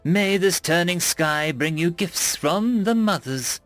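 A man voicing an earnest, gentle young woman student who speaks politely and reassuringly in a storybook reading. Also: a little high, very animated, brisk, soft background music, pitched above the performer's own voice.

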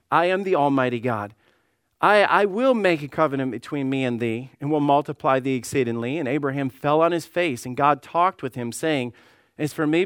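A man's voice: a little high, a bit bright, clean tone, no echo, clean studio sound. A man preaching a sermon as lead pastor, reading scripture aloud and often repeating words as he presses his point. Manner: repeats words when emphatic, voices God and Sarah in quotes; reads scripture in old-style wording.

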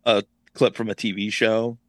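A man co-hosting a casual podcast chat, teasing in a deadpan, joking way. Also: lowish voice, normal speed, dry recording. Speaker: podcast co-host.

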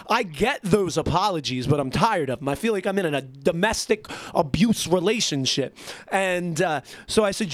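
A man telling a casual story as a heated, profane rant, talking quickly and punchily. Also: high-pitched, animated, dry recording.

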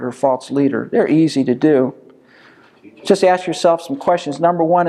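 A man with a slightly raised pitch teaches a small Bible study group in an easy, conversational way. He poses rhetorical questions one after another and answers them himself, as a teacher talking with his class. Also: a little mellow. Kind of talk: informal Bible study lesson.

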